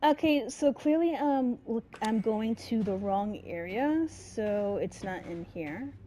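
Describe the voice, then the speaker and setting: A woman's voice: fairly high pitch, animated, slow pace, dark tone, slight background noise. A woman giving casual horror game commentary, grumbling to her viewers and swearing often, with sudden screaming outbursts. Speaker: let's-play gamer.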